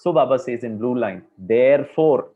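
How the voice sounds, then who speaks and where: Speaking at a moderate pace with a fairly low voice, a spiritual speaker gives a class a conversational discourse full of filler words. The lo-fi recording sounds dull.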